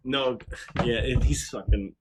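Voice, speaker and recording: A man's voice: mid-range voice, a little slow, noisy background. A young man co-hosting a casual podcast, telling stories with lots of laughing and swearing. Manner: animated storyteller, laughs often, swears. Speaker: podcast co-host. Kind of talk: casual banter.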